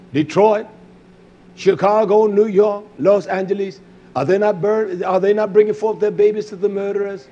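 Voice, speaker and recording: Male preacher, high voice, fiery sermon delivery, hushed to shouting.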